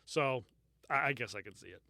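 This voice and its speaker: A man's voice: mid-range voice, a little fast, sharp tone, no echo, clean studio sound. A man co-hosting a true-crime podcast, recounting the case in casual, profane chat and laughing often. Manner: storytelling, swears freely, laughs often. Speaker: podcast co-host.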